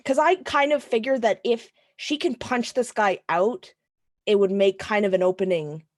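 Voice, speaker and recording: A woman's voice: mid-range voice, darkish tone, dry recording, clean studio sound. A woman playing a tabletop game, thinking aloud and checking the rules with the game master. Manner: unhurried, thinks aloud, asks to confirm rules. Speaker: player. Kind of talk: tabletop game play, casual chat.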